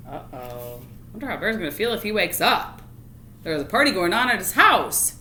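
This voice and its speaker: Animated woman reading a picture book aloud. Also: mid-range voice, moderate pace, slight background noise. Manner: animated, asks listeners questions. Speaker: read-aloud teacher. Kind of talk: storytime read-aloud for children.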